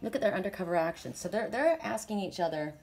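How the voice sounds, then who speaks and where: A woman's voice: medium pitch, lively intonation, fast talker, darkish tone, soft background music. A woman with a sore throat giving a casual, rambling oracle card reading, stressing her points with many restarts.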